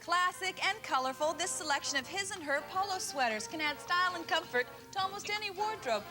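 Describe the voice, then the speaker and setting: A woman's voice: extremely high pitch, animated, brisk. A woman announcing contestants and prizes on a TV game show, in a polished presenter style. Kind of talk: scripted announcing. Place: TV studio with audience. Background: applause and show music.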